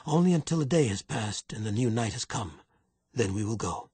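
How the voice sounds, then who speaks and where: A man reading aloud, voicing a hunted young fisherman who speaks in a low, solemn, quietly pleading way. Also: animated, moderate pace, husky, no room sound. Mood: grave.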